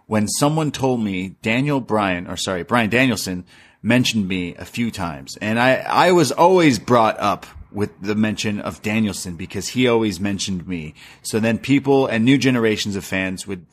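A man's voice: on the low side, expressive, moderate pace. A man co-hosting a podcast, casually recapping a wrestling show in a rambling way, laughing often as he retells what was said. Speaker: podcast co-host.

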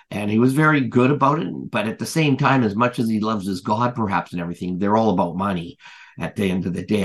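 A podcast guest with a low, husky voice tells a long story in casual conversation. He rambles, filling it with fillers and restarts, and recounts what other people said.

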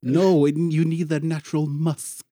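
Slightly high-voiced male podcast co-host. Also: level tone, measured pace, warm tone. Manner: rambling, swears casually, frequent restarts. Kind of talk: casual podcast chat.

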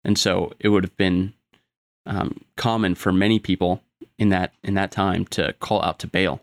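Casting: deep, gravelly male voice, dry close sound, patient scripture teacher. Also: moderate pace, no room sound. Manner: steady teaching tone with filler ums. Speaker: Bible study co-host. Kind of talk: explaining scripture.

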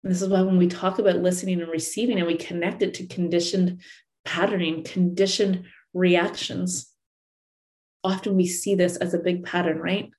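A woman's voice: lowish voice, darkish tone. A woman relationship coach giving an earnest coaching talk to listeners, repeating and rephrasing her points. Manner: earnest, repeats and rephrases, acts out angry partners.

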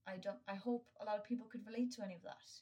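A woman's voice: mid-range voice, steady tone, racing, warm tone, recorded from a distance. A young woman hosting her own podcast, talking candidly and earnestly in a casual solo monologue, swearing freely and with many fillers. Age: young adult. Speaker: podcast host.

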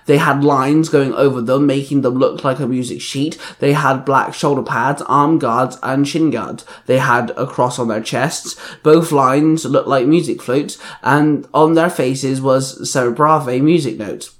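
A man's voice: medium pitch, steady tone, measured pace, hardly any pauses. A man reading an action story aloud, plainly, with small slips and restarts. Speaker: reader. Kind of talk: reading fan fiction aloud.

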